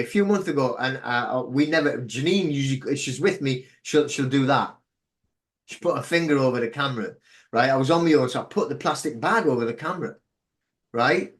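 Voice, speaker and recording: Indignant man, higher voice. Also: fairly bright tone. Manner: emphatic, indignant storytelling. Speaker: interview guest. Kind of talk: casual podcast interview.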